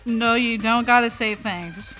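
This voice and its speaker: A young adult woman hosting a casual stream, talking in an animated, exasperated way with a lot of swearing. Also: on the high side, unhurried. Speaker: streamer host. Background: faint music.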